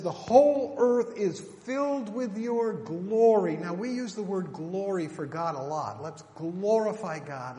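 Brief: male preacher, emphatic sermon delivery, drawn-out scripture quotes, reverberant sanctuary sound. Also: fairly high pitch, darkish tone. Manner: emphatic, rhetorical questions, slows for scripture. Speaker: pastor. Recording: echoey hall, faint room noise.

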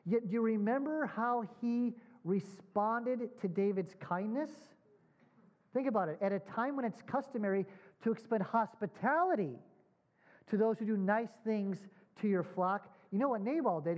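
Man preaching and quizzing his congregation. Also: high-pitched. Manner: asks the congregation questions and repeats points emphatically; stretches key words slowly for emphasis. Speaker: pastor. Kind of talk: sermon. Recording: dull lo-fi sound.

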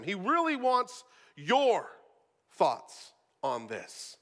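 Bright-voiced male pastor in a hall. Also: very high-pitched, sing-song, slow. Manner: repeats words when starting a thought, casual asides. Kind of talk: sermon.

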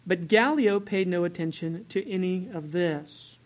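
A woman's voice: lowish voice, measured pace. A woman preaching a sermon in a conversational way, asking the congregation questions and correcting herself as she goes.

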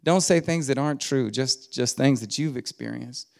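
A man's voice: mid-range voice, normal speed, vocal fry, darkish tone. A middle-aged man preaching a sermon in a church as a guest preacher, folksy and humorous, rising to emphatic exhortation. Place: church sanctuary.

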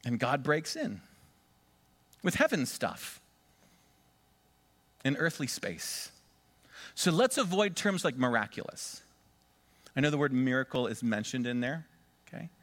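A man's voice: mid-range voice, sing-song, a little slow, long pauses. Emphatic male pastor preaching. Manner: emphatic, swings between loud stresses and quiet asides; leads congregation in call-and-response repetition. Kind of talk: sermon.

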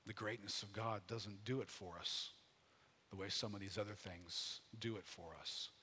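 A man preaching a sermon in a conversational, folksy way, rising loud and dropping low. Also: steady tone, moderate pace, slightly rough. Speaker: pastor.

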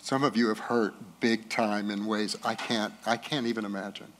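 A middle-aged man preaching a sermon as pastor, rising loud and high at climaxes and dropping soft and slow in tender passages. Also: little pitch movement, a little hiss or hum.

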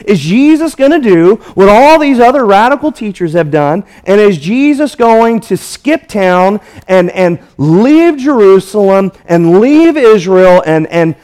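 A pastor preaches a sermon emphatically and repetitively, working through a passage verse by verse. His voice sits high and has a darkish tone.

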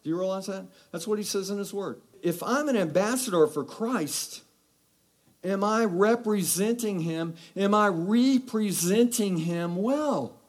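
Animated higher-voiced male preacher. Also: moderate pace. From Texas. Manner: animated preaching, rhetorical questions, exhortations. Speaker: pastor. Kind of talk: sermon.

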